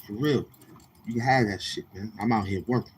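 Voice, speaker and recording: Brief: male livestream host, New York accent, lowish voice, blunt, profane, in-your-face. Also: a little fast, a little hiss or hum. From Queens, New York. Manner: brash, profane, confrontational. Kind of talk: casual livestream chat with viewers.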